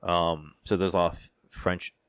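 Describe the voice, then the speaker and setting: Very deep-voiced man in rambling chat. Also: flat delivery, measured pace, clean tone, no echo. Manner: rambling with many fillers and restarts, blunt opinions. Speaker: podcast co-host. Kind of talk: casual chat.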